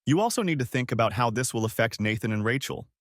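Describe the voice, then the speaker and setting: Man reading a calm pipe-smoking older friend for an audiobook, deep and measured, pitch moves a lot, dry close sound. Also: no echo, lightly acted. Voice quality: deep bass. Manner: calm, measured, non-judgmental.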